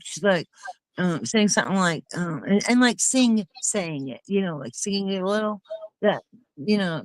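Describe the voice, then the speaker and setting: A woman's voice: mid-range voice, normal speed, no room sound, poor audio. A woman hosting a casual chat with friends, talking in an indignant, emphatic way.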